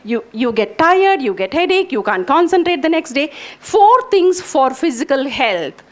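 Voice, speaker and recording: Animated woman lecturing students. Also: high voice, a little slow. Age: middle-aged. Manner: animated, earnest, addresses students directly. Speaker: English professor giving a talk. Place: lecture hall.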